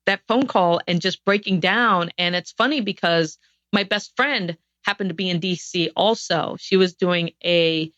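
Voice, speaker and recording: A woman's voice: lowish voice, a bit bright, no room sound. Earnest woman guest, dull dry sound. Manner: earnest, reflective storytelling with frequent restarts. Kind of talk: podcast interview storytelling.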